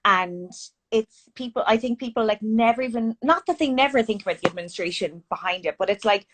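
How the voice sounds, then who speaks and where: A woman's voice: fairly high pitch, a little fast, noisy background. A woman with an Irish accent interviewing a guest in casual chat over a video call, talking with lots of fillers. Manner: chatty, many fillers.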